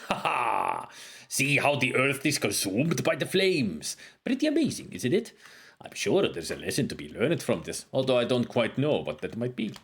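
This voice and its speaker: A man voicing a scholarly male desert wizard in a game, reading slowly and deliberately in a put-on foreign accent. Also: mid-range voice, huge pitch swings, creaky, fairly bright tone, slightly rough, heavily acted. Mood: earnest.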